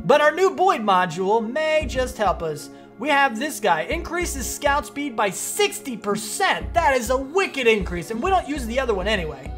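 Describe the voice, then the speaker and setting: A gaming streamer giving excitable let's-play commentary and rapidly repeating commands. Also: sits high, faint music behind.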